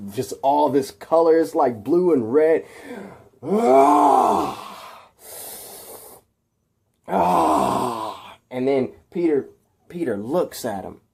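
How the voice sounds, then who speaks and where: A man's voice: medium pitch, dark tone, slightly rough. A man telling a superhero story off the cuff, rambling with many fillers and restarts, throwing in his own sound effects. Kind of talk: improvised spoken fan story.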